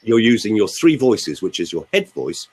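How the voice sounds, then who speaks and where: A man's voice: fairly low pitch, big pitch swings, moderate pace, darkish tone, husky, rough recording. An older man, a voice coach explaining and demonstrating voice technique in a theatrical way on a radio show. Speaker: voice coach guest.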